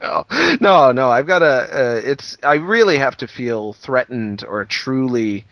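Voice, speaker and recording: A man's voice: mid-range voice, unhurried, dry recording, dull audio. A man co-hosting a podcast in casual chat, easygoing, thoughtful and self-deprecating. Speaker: podcast co-host.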